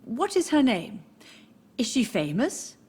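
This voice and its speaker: A woman's voice: high voice, huge pitch swings, slow pace, a little mellow, breathy edge, exaggerated voice. An actress voicing a frail, confused older mother in a video game, wistful and drifting as she talks. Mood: gentle.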